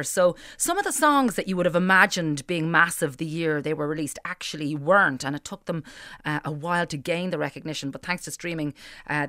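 A woman's voice: fairly low pitch, sharp tone, no room sound. Upbeat woman hosting radio. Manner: chatty and upbeat, reading out listener texts. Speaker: radio show host. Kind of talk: casual radio chat. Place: radio studio.

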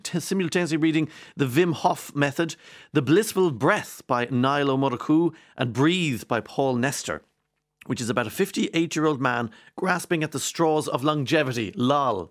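A man hosting a morning radio show, joking and rambling with many restarts. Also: medium pitch. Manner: rapid, rambling, joking asides with frequent restarts. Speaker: radio presenter. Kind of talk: lively morning radio chat.

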